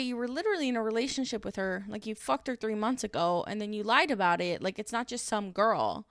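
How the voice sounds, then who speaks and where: A woman's voice: medium pitch, expressive, a little fast, few pauses, no room sound, studio quality. A woman in her thirties recapping a reality show in a casual vlog, blunt and exasperated, swearing freely. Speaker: reaction vlogger. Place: dim room at home.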